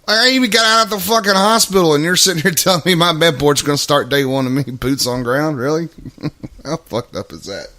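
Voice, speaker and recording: A man's voice: on the high side, a little fast, bright, forceful tone. A man hosting a casual live talk show, laughing often and swearing freely as he chats. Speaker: podcast host. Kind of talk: casual profane chat.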